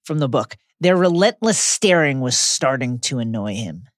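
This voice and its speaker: A man's voice: medium pitch, big pitch swings, moderate pace, no room sound, clean studio sound. A man co-hosting a podcast, retelling a book's chapters in a dramatic, scripted way and acting out quotes. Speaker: podcast co-host. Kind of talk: podcast book recap, read from a script.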